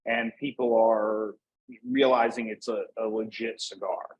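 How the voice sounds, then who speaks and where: Husky-voiced guy chatting easily. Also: on the low side, fairly even intonation, a little slow, highs cut off. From Northeast Pennsylvania, USA. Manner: easygoing, rambling, lots of "like" and restarts. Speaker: guest, cigar brand manager. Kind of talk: casual interview chat.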